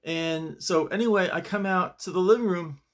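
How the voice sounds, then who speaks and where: A man's voice: high voice, normal speed. A man hosting his own video show, telling a story in a casual, rambling way with many restarts, recorded in his bedroom. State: shaken up. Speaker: host.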